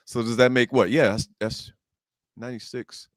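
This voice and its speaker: A mid-pitched man co-hosts a casual sports talk show, moving briskly through quick game picks. He shrugs off teasing with short comebacks, and his voice sounds dry and close. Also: fairly even intonation, no echo. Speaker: co-host.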